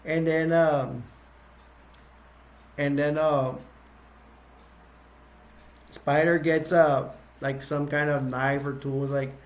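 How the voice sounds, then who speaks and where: A man's voice: a little high, flat delivery, slow, pauses often. Rambling man recapping a movie. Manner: rambling, with many fillers and restarts. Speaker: movie reviewer. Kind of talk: casual plot recap.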